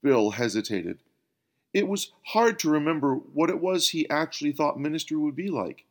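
A man hosting a story podcast, narrating in an expressive reading voice. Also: normal speed. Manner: expressive reading, drops low and quiet for speech tags. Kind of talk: scripted narration.

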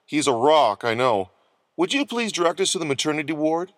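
A man voicing an unfazed, offbeat young man in a storybook reading, matter-of-fact and deadpan. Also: a little high, a little fast, no echo, studio quality. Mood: offhand.

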